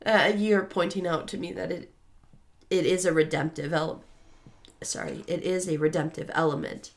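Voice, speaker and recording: A woman's voice: on the low side, steady tone, moderate pace. A woman co-hosting a podcast, talking through a book in a rambling, self-correcting way. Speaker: podcast co-host. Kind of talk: casual book discussion.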